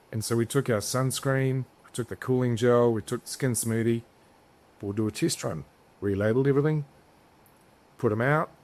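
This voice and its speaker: A man's voice: mid-range voice, fairly even intonation, moderate pace, darkish tone. A man as a podcast guest, telling stories in a rambling, casual way, swearing freely and restarting his sentences. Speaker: podcast guest, business founder. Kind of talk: casual storytelling interview.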